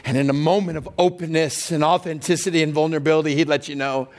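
A man preaching a sermon as pastor, telling stories with animated voices for the people in them. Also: on the high side, quick pace, few pauses. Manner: animated storytelling, acts out voices, rising to near-shouts.

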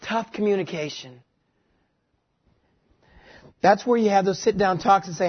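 A man's voice: high-pitched, measured pace, slightly rough. A man from West Texas preaching a sermon, telling a story about his own marriage with self-mocking humor. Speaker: pastor. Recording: dull lo-fi recording.

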